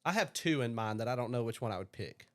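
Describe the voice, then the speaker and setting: A man's voice: mid-range voice, animated, quick pace, a bit bright. A man co-hosting a comedy podcast, telling crude stories and laughing at his own jokes. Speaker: podcast co-host. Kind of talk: crude casual banter.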